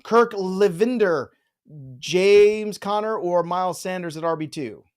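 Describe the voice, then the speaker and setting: A man hosting a live fantasy football stream, brisk and joking as he reads listener questions in rapid fire. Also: high voice, darkish tone, smooth. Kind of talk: casual live-stream chat.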